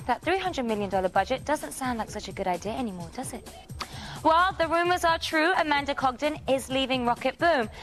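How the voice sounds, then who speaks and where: A woman with a British accent hosting a scripted entertainment news segment in a cheeky, playful way. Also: fairly high pitch. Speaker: TV news host.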